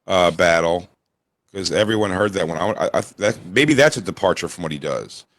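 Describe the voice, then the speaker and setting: A man's voice: low-pitched, expressive, fairly quick, fairly bright tone, dry recording. A man in his forties, co-hosting a comedy podcast with crude, laid-back banter. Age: 40s. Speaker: podcast co-host. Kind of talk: casual comedy podcast chat.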